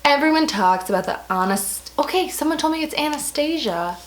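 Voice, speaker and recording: A woman's voice: sits high, expressive, brisk, a little hiss or hum. A young American woman chatting casually through a makeup review, often correcting herself mid-sentence and laughing at her own slips. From United States. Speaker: beauty vlogger.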